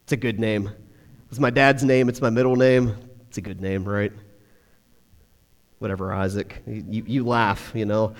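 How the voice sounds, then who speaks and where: A man's voice: on the low side, fairly even intonation, normal speed, pauses often. A man preaching a sermon in a chatty, joking way, laughing often at his own asides. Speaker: pastor. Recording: long hall reverb.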